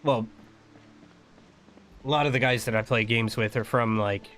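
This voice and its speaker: An American man talks casually while he plays a game, rambling from one thought to the next. He laughs often. His voice sits at a middle pitch. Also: normal speed, fairly bright tone, faint music behind. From United States. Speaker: streamer. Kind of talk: casual chat while gaming.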